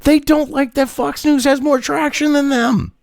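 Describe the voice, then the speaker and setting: A man's voice: extremely high pitch, flat delivery, moderate pace, vocal fry, darkish tone, no echo. A man, hosting a profane rant reacting to a news article, angry and mocking and swearing constantly. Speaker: political commentary host.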